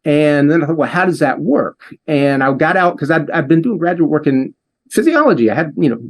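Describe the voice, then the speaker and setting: A man guest in an interview, earnestly telling a long personal story with halting restarts. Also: on the high side, very animated. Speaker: interview guest, device developer.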